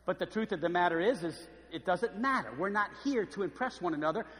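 A man preaching a sermon, telling lively stories and acting out the voices of the people in them. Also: high-pitched, fairly quick, long reverb tail. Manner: animated storytelling, acts out voices. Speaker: pastor. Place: church.

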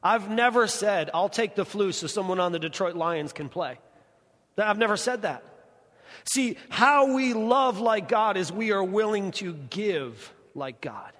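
A young male pastor with a fairly high voice, preaching in a relaxed, chatty way. He slows right down to lean on the words that matter. His voice rings out with a long reverb, as in a big church auditorium. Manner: conversational, slows down to stress key words. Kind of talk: sermon.

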